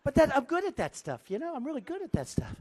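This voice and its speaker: A man's voice: very high-pitched, wildly swooping pitch, quick pace, darkish tone. Boastful man giving a rambling rally speech. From United States. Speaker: political candidate speaking at a rally. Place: large indoor rally venue.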